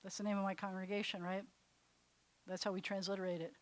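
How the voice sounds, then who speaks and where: A woman rabbi teaching a live class, chatty and animated, laughing at herself as she demonstrates sounds. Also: mid-range voice, fast, no echo. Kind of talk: classroom lesson. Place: congregation classroom.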